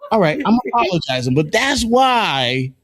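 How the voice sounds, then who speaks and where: A man with a high, fairly bright voice hosts a morning talk show, his pitch swinging widely as he speaks at a normal speed. He trades casual banter, tells loose, profane stories and laughs often.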